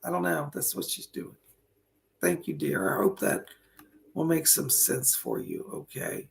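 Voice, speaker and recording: A man's voice: on the high side, wildly swooping pitch, unhurried, creaky. A man hosting a live online psychic reading, talking chattily, greeting viewers by name, and losing his voice.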